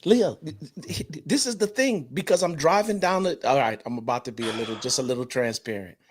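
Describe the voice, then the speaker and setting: A man hosting a casual conversation, emphatic and expressive, often repeating his words. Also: a little high, brisk, slightly rough. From North Carolina. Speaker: podcast host. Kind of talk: casual chat.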